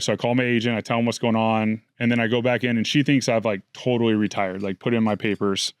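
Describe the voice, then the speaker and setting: A man's voice: fairly low pitch, level tone, quick pace, hardly any pauses, clear, resonant tone, no room sound. A man in his thirties, an interview guest, telling his story in an earnest, reflective way. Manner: earnest, reflective, emotional retelling. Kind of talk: candid storytelling.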